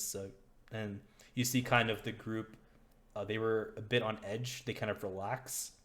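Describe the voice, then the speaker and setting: A man's voice: fairly low pitch, little pitch movement, normal speed. A man narrating as game master of a tabletop game in a laid-back, rambling way.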